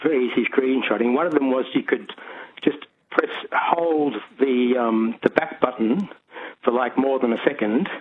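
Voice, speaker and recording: A man's voice: mid-range voice, measured pace, slight background noise. A man calling in to a radio show, rambling with many restarts. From Australia. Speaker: caller. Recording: phone line.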